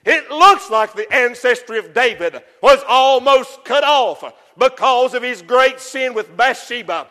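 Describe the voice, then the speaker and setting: A man preaching a sermon with passion, rising to shouts for emphasis. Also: very high-pitched, lively intonation, measured pace, hardly any pauses, big-room sound.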